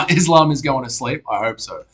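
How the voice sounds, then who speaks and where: Young Australian male streamer, relaxed casual chat host, sweary and matey. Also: medium pitch, moderate pace. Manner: laid-back, swears often, calls viewers mate.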